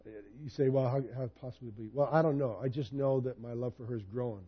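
A man's voice: mid-range voice, fairly quick, breathy edge, muffled recording. A man in his fifties preaching a sermon in a personal, conversational storytelling way. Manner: conversational, personal storytelling, animated when retelling. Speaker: pastor.

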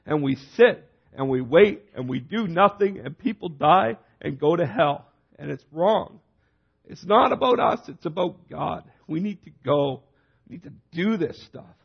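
A man's voice: fairly high pitch, vocal fry, husky. Man preaching a sermon, urgent and repetitive, on a dull lo-fi recording.

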